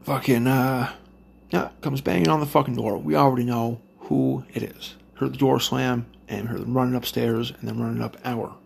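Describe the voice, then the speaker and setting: A man's voice: medium pitch, fairly even intonation, normal speed, gravelly, slight background noise. A man casually telling a rambling personal story, swearing constantly. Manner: heavy swearing, rambling with restarts.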